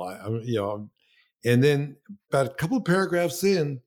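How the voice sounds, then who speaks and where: A filmmaker talking in a casual conversation, animated and acting out quoted voices as he tells stories. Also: mid-range voice, brisk.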